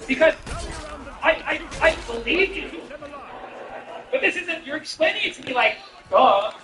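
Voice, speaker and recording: A man's voice: extremely high pitch, animated, measured pace, recorded from a distance, noisy background. A man streaming a game and chatting with viewers, a comedian with profane, rambling, incredulous banter. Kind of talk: casual gameplay chat with viewers. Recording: echoey room, off-mic, music behind.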